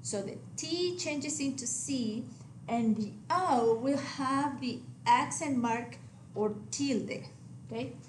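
A woman teacher gives a recorded lesson in a roomy space with some echo and a light hiss behind her. Her voice sits a little high, and she speaks patiently, pausing to check in with her students. She reads word pairs out slowly and clearly so they can be repeated. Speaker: Spanish teacher. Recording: echoey room, faint background hiss.

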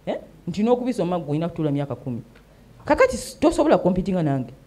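A woman's voice: fairly low pitch, big pitch swings, rapid-fire, mellow. A middle-aged woman with a Ugandan accent hosts a talk show, speaking emphatically and often asking "eh?" as she switches between English and Luganda. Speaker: host and mentor. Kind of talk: animated talk show monologue.

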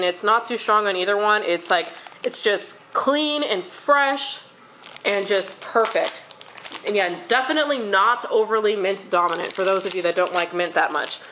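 A woman's voice: fairly high pitch, fairly bright tone, slight background noise, low-quality recording. A woman chatting casually to camera at home, rambling in a friendly way with apologetic asides as she reviews wax melts. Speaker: wax haul vlogger.

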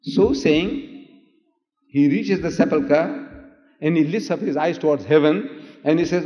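An older man, preaching in an impassioned lecture that swings from loud emphatic cries to hushed asides. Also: fairly high pitch, expressive, moderate pace. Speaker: Islamic preacher in debate. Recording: echoey hall, dull old lecture tape.

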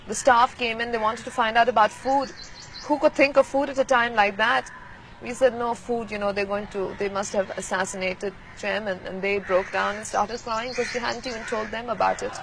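A young woman in her twenties, recalling painful events in a quiet, measured way during a recorded news interview. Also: fairly high pitch, gravelly, slight background noise, low-quality recording. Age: 20s. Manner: quiet, measured, grieving recollection.

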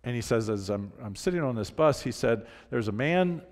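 A man's voice: expressive, normal speed. Older male pastor preaching in a reverberant church. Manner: emphatic preaching, dropping soft and low for moving parts. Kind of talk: sermon. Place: church sanctuary. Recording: church livestream with long hall reverb.

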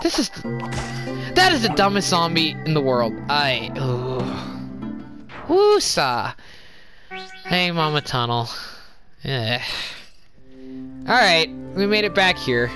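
A woman giving casual let's-play commentary, chatty and apologetic, quick to exclaim at what happens on screen. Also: sits low, very animated. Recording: game music behind voice.

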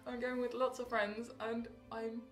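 A woman's voice: fairly high pitch, flat delivery, unhurried, echoey room, faint music behind. A teenage girl chatting casually in a rambling, bubbly update vlog, often laughing and correcting herself. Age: teens. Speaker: vlogger.

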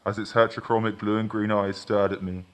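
A man with a fairly low voice reads a first-person short story aloud. His delivery is measured and intimate, moving through the scene steadily. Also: little pitch movement. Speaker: author reading a story. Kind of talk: literary reading of a short story.

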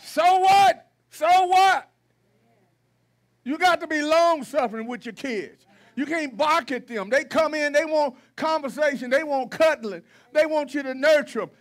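High-pitched preacher guy, folksy and blunt, repeats himself to hammer it home in church. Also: moderate pace, a bit bright. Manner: folksy, preachy, calls out the congregation with repetition. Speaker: pastor. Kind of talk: sermon. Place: church sanctuary.

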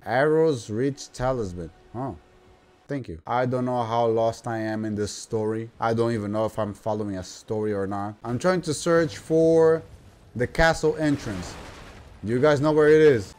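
A man giving casual gameplay commentary, slangy and playful, breaking into loud excited yelps and exclamations. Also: medium pitch. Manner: slangy, playful banter at the game. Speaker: gaming YouTuber.

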